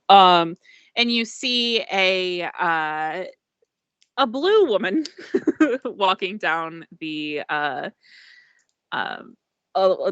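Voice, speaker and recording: A woman's voice: fairly low pitch, a bit bright, dry recording. A woman narrating a tabletop game as game master in a chatty, rambling way with many fillers. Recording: dull lo-fi dry sound.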